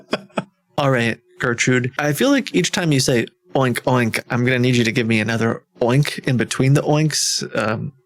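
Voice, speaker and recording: A man's voice: medium pitch, moderate pace. A young man streaming, joking playfully and laughing often as he bosses an AI around. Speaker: livestreamer. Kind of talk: casual stream banter.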